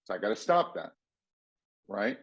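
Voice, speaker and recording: A man's voice: fairly low pitch, wildly swooping pitch, normal speed, vocal fry, a bit bright. A man giving blunt, casual motivational advice, swearing freely and acting out what people say. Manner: blunt, swears freely, acts out quoted voices.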